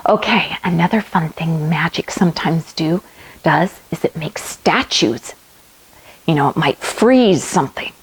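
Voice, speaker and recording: A woman's voice: lowish voice, slightly rough, poor audio. A woman leading a children's yoga lesson in a playful, make-believe storytelling manner.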